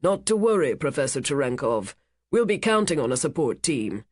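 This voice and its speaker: A narrator voicing a rich casino owner, a man who speaks with smooth, menacing charm. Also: medium pitch, very animated, normal speed, darkish tone, no echo, studio quality. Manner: smooth, commanding, cutting. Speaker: cruise ship owner.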